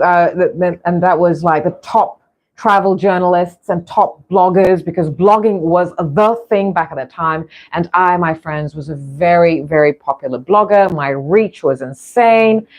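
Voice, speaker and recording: A woman's voice: on the low side, darkish tone. A middle-aged woman vlogger chatting casually in a rambling way, with frequent restarts. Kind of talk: casual chat.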